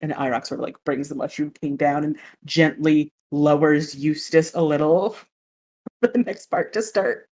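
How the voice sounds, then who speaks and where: A woman's voice: deep voice, steady tone, a little slow, darkish tone. A woman telling a story in a tabletop game, chatty and often laughing. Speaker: player.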